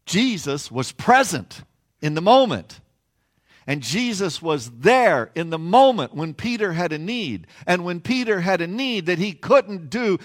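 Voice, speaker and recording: Pastor, male, higher voice, lively delivery, playful asides, preaching from a platform. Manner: animated storytelling with playful asides. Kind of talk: sermon. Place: on a stage platform.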